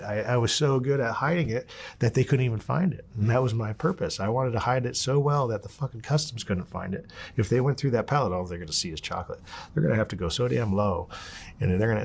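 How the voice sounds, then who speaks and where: A man's voice: on the low side, vocal fry, breathy edge. A man telling a story as an interview guest, in a blunt and profane way, acting out what people said. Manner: blunt and profane, acts out quotes. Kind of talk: casual storytelling.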